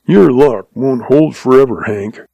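A man voicing a gruff, grudging young cowboy partner. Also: mid-range voice, measured pace, warm tone, no echo, lo-fi sound. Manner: gruff, muttered.

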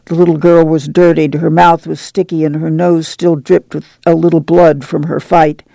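A man narrating an audiobook in a measured, unhurried way. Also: fairly high pitch, little pitch movement, creaky, dark tone, no echo.

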